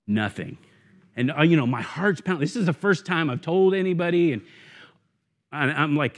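A man preaching in an animated, storytelling way. His voice sits a little high and swings widely in pitch as he acts out moments of the story. He talks casually to the congregation. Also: moderate pace. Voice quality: bald. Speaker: guest preacher, church network director. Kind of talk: sermon with storytelling.

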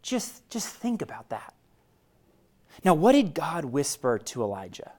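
A man preaching as pastor speaks conversationally to his congregation, shifting between loud emphasis and a hushed near-whisper. His voice sits a little high, swoops wildly in pitch, and he never rushes.

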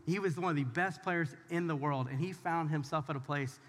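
A man with a fairly high voice preaches to a congregation in a casual, direct way and keeps turning to address his listeners. His words ring out with a long reverb from a large hall. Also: brisk. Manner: talks straight to the audience, informal and emphatic. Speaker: pastor. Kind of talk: conversational sermon.

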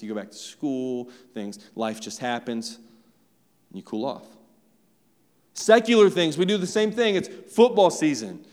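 A man's voice: mid-range voice, a little slow, a little mellow. A man preaching a sermon in a conversational style, speaking directly to his congregation. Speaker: pastor. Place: church sanctuary. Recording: long reverb of a church hall.

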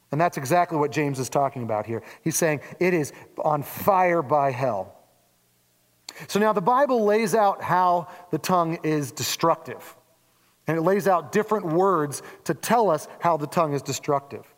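High-voiced man preaching in a hall. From Oregon, USA. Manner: conversational preaching with playful acted-out asides. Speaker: pastor. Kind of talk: sermon.

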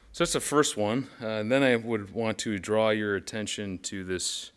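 A man's voice: on the low side, lively intonation, normal speed, hardly any pauses, fairly bright tone. A man teaching as a pastor in a casual devotional style, conversational with urgent emphatic bursts when he reads Scripture.

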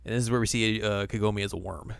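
A man's voice: on the low side, fairly even intonation, fast, vocal fry, clean tone, no echo, studio quality. A man co-hosting a podcast, recapping an episode in a chatty way and acting out the quotes. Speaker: podcast co-host.

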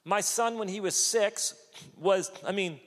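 A man in his forties preaching a sermon, telling stories with lively acted-out quotes. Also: high-pitched, measured pace, big-room sound. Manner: animated storytelling, acts out quotes. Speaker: pastor.

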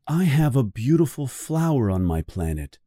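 A man voicing a worried, earnest little boy prince who asks slow, pleading questions. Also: mid-range voice, big pitch swings, mellow, no room sound, clean studio sound.

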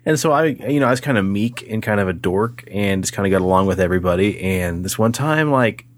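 A man's voice: on the low side, a little fast. A man co-hosting a podcast, chatting casually and telling stories with lots of swearing and acted-out quotes. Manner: profane, animated storyteller acting out quoted voices. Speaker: podcast co-host. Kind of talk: casual chat.

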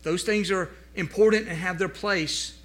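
A man preaching a sermon as pastor, his voice pitched fairly high and bright in tone. He swings between loud, emphatic rises and hushed, low passages. A steady mains hum sits under the recording. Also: unhurried.

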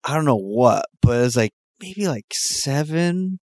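A man telling a story in casual chat, laughing often and mimicking people in a high voice. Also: expressive, measured pace, a little mellow, no echo, studio quality.

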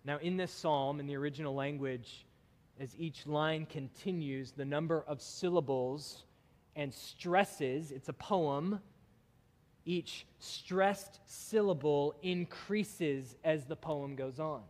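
A man's voice: on the high side, slow, a little mellow. A man preaching a sermon, emphatic and building intensity through his lists. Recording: long hall reverb.

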